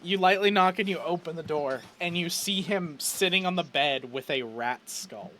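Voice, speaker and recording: Guy gm with a high voice, chill rambly narration. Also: normal speed, a little hiss or hum. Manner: relaxed, rambling narration full of fillers. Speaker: game master. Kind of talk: narrating a tabletop game.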